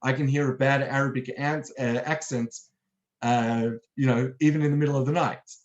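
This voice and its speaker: A man's voice: mid-range voice, fairly even intonation, moderate pace, dull audio, natural voice. A man acting out a male Arab commander from 1948, musing aloud in a boastful, then distrustful way. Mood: alert.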